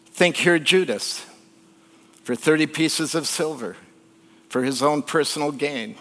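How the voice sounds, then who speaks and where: Joking conversational preacher in church hall. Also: male voice, medium pitch, a bit bright. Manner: conversational, joking, rhetorical questions to the congregation. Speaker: pastor. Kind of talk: sermon. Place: church sanctuary. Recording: long church hall reverb.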